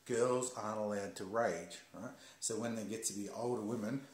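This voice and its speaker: A man calmly explaining ideas in a measured, teacher-like way during a casual talk. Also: fairly low pitch, a little hiss or hum. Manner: calm, slow, explaining like a teacher. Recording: roomy echo.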